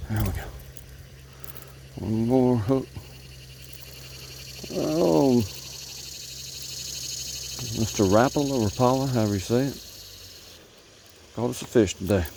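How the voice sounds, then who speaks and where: Male angler, gravelly and warm, talks gently to each fish from his boat, crickets faint behind. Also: mid-range voice, a little hiss or hum. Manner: chats softly to the fish he catches. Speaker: fishing vlogger. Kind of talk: casual narration while fishing. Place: small creek outdoors, in a boat. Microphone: action camera. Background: crickets and insects.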